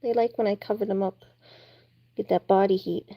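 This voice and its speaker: A woman's voice: mid-range voice, steady tone, normal speed, noisy background. A woman vlogger chatting casually and cooing in baby talk to her young birds. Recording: loud chirping chicks behind. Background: chirping chicks.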